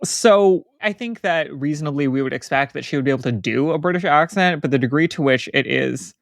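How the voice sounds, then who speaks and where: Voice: medium pitch, a little fast, creaky, dry recording, studio quality. A podcast co-host in casual book-club chat, analytical and wry.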